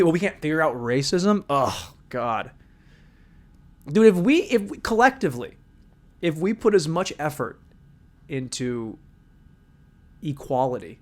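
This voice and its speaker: A man hosting a solo comedy podcast, ranting crudely and energetically. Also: fairly high pitch. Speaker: podcast host.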